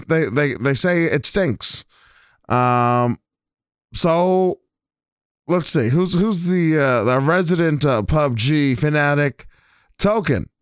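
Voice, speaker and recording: A man hosting a casual podcast, telling stories in a rambling, halting way with lots of fillers and restarts. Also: fairly high pitch, fairly bright tone, smooth, dry recording, clean studio sound. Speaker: podcast host.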